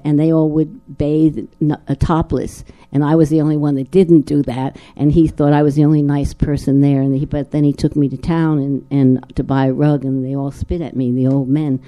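A woman's voice: sits low, mellow. An older woman from New Jersey, a guest actress in a live Q&A, telling a personal story in a rambling way with many restarts and repeated words. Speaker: guest actress at a film screening talk.

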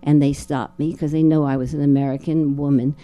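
A woman's voice: sits low, flat delivery, fairly quick, muffled recording, faint music behind. An older woman from New Jersey, a guest actress in a live Q&A, telling a personal story in a rambling way with many restarts and repeated words. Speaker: guest actress at a film screening talk.

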